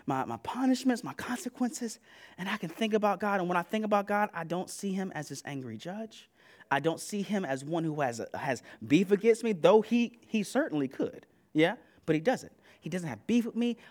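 Male preacher, high and lively, casual and slangy sermon delivery. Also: normal speed. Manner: animated, conversational, slangy and laughing; repeats "listen" to press points.

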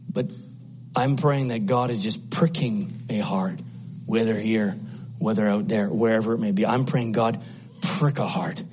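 A man preaching a sermon with passion, dropping to a hush and then climbing loud and high. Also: muffled recording, a little hiss or hum. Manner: impassioned, swinging from hushed to loud and high.

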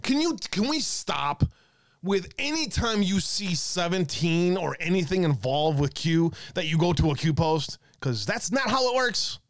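A man's voice: high-pitched, expressive, unhurried, no room sound, clean studio sound. A man hosting an online talk stream, ranting in a profane, exasperated way and reading out viewer comments.

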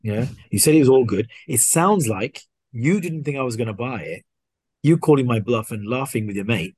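A man, a podcast guest, casually telling a story and acting out the dialogue in an animated way. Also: mid-range voice, moderate pace, husky, dry recording. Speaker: guest watch collector.

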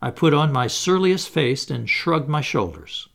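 A male audiobook narrator telling a story at an even, measured pace. His voice is gravelly and carries plenty of pitch movement.

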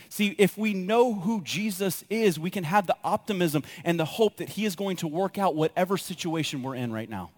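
Guy pastor preaching, kinda high voice, gets really into his stories and acts out what he said. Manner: animated storytelling, acts out his own reactions. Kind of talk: sermon with personal stories.

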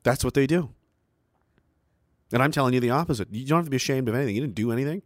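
A middle-aged man from Canada launches into a combative, profane rant. His tone is mocking and defiant. His voice sits at an ordinary pitch and sounds dry and close, with no room echo. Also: racing. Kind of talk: ranting monologue.

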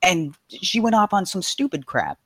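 A man calling in to a live show, talking fast and emphatically with frustration and profanity. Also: high voice, big pitch swings, pushed and bright, slightly rough, no room sound. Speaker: caller. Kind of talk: heated call-in rant.

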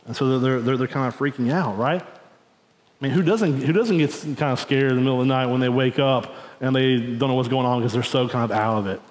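A man's voice: mid-range voice, fast. Man preaching in an echoey church hall. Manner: informal storytelling, often asks the congregation "right?" and says "y'all". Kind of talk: conversational sermon. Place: church sanctuary.

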